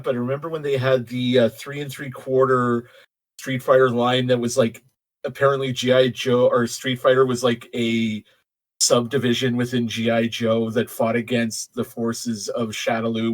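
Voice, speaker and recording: A man in casual chat, enthusiastic and quick to act out lines. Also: mid-range voice, flat delivery.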